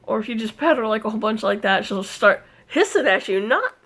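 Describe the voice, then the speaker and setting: A woman with a slightly high voice chats casually through a crafting vlog. She is easily distracted, laughs often, and breaks off now and then to scold her cat. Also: expressive, a little fast, fairly bright tone. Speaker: cross-stitch vlogger.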